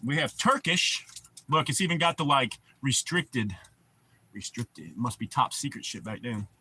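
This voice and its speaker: Male streamer, casual host; bright, husky tone, rambling and profane. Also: mid-range voice, expressive, normal speed. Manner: rambling, laid-back, swears often. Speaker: livestream host. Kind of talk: casual livestream chat.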